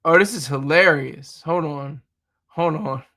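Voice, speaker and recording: A man hosts a casual livestream in a slightly high, unhurried voice. Animated and jokey, he riffs freely and laughs often.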